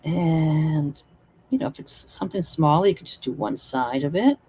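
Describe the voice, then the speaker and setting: A woman's voice: low-pitched, expressive, moderate pace, warm tone, slightly rough. Chatty woman teaching painting live. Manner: chatty, encouraging, thinks aloud while working.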